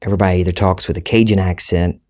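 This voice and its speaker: A man with a Southern US accent and a low, deep voice hosts his own podcast. He talks at an easy, unhurried pace, musing aloud and correcting himself as he goes. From Southern United States. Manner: relaxed, conversational, rambling with self-corrections. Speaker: podcast host. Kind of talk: reflective solo podcast monologue.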